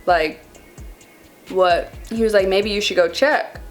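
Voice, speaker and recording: Animated woman telling a storytime vlog. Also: medium pitch, slow, faint music behind. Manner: animated, dramatic, addresses viewers as y'all. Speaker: vlogger. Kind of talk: casual storytime chat.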